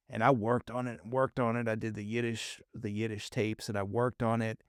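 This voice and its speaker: A man's voice: on the low side, level tone, moderate pace, few pauses, clear, resonant tone, no room sound, studio quality. A man from the Southern United States with a faint Southern accent, hosting a podcast and telling easygoing stories. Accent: faint Southern American. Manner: easygoing, anecdotal storytelling. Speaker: podcast host. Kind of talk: casual podcast conversation.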